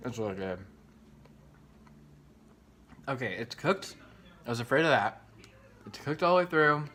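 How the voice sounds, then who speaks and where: A man's voice: mid-range voice, a little fast, rough recording. A young man chatting casually while he cooks in his home kitchen, rambling, swearing often and filling his talk with "like". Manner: excitable, rambling, swears often, many "like" fillers. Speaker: vlogger. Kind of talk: casual cooking vlog chat. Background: frying sizzle.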